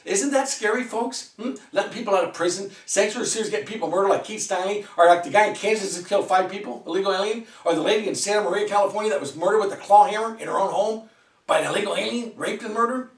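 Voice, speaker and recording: A man's voice: high voice, fast talker, recorded from a distance. A man ranting heatedly in a political vlog, firing off rhetorical questions and swearing. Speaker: vlogger. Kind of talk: political rant. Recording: echoey room, away from mic.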